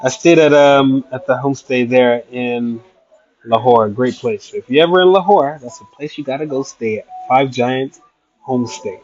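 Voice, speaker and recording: A man's voice: medium pitch, normal speed, darkish tone. Chatty man livestreaming, dull lo-fi sound. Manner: chatty, answers viewer questions, playful asides. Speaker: travel livestreamer. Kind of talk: casual livestream chat reading comments. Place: traveling in Iraq.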